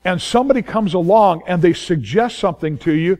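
A male pastor preaches with a fairly high, ringing voice. He leans hard on key phrases and repeats them for weight. Now and then he slips into the voices of anxious people talking to themselves. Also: expressive, a little fast, darkish tone. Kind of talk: sermon.

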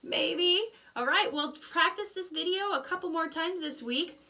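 A woman teaching a music lesson to young children, gently encouraging and chanting rhythm syllables in a sing-song voice. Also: very high-pitched, moderate pace, recorded from a distance.

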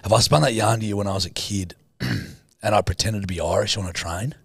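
A man's voice: lowish voice, a little fast, slightly rough, no room sound, clean studio sound. An Australian man co-hosting a podcast, telling a crude, joking story in casual chat. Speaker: podcast co-host.

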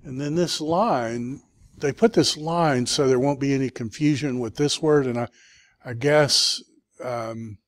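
A man's voice: medium pitch, measured pace, dry recording. A man teaching a classroom review, sounding words out syllable by syllable with patient encouragement. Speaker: Hebrew teacher.

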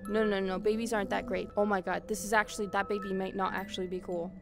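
A young woman VTuber streamer giving excitable, swearing gameplay commentary, shrieking at scares. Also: medium pitch, fast, gravelly, over music.

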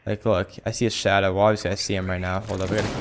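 A young man giving casual gameplay commentary as a streamer, excitable and swearing, breaking into rapid callouts. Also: sits low. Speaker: gaming streamer.

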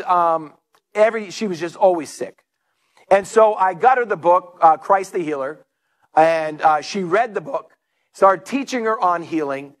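A male pastor preaching a sermon, telling stories and acting out the people in them. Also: sits high. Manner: storytelling preacher, animated, acts out quotes.

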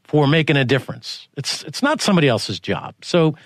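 A man hosting a podcast interview, asking long rambling questions with many restarts and sudden rises in pitch. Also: sing-song, brisk, no room sound. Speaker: podcast host. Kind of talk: conversational interview.

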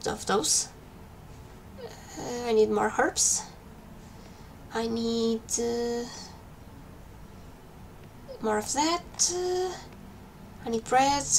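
Gravelly-voiced woman chatting while gaming. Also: on the high side. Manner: chatty, talks to herself while playing. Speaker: gaming streamer. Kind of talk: casual let's-play commentary. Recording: faint background noise.

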